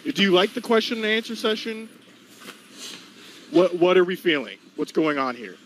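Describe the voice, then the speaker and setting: A man's voice: high-pitched, big pitch swings, normal speed, a bit bright, slight background noise, low-quality recording. A man hosting a live-stream interview, hyped and talking straight to the chat. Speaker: host.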